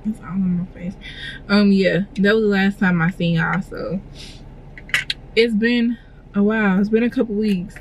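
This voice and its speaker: A woman's voice: mid-range voice, fairly even intonation, unhurried, dull audio, slight background noise. Young woman, casual vlogger, talkative and filler-heavy, recorded in a car. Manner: chatty, filler-heavy, emotional and gushing. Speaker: vlogger and clothing designer. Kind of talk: casual vlog chat. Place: inside a parked car.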